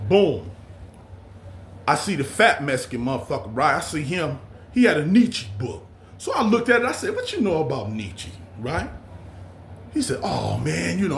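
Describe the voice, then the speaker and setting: An older man tells a rough, profanity-filled story in a loose, animated street style. His voice sits a touch high for a man. The recording is echoey, with a faint hum of room noise behind him. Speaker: vlog storyteller. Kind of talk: casual storytelling.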